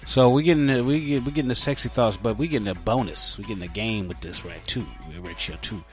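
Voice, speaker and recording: A man's voice: lowish voice, quick pace, faint music behind. A man hosting a casual talk radio show, playful and loose, often repeating himself as he talks.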